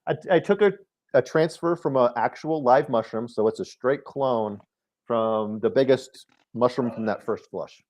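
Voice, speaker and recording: An easygoing man with a Michigan accent talks through things step by step in a casual chat. His pitch is ordinary and middle-range. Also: a little slow, a little mellow, muffled recording.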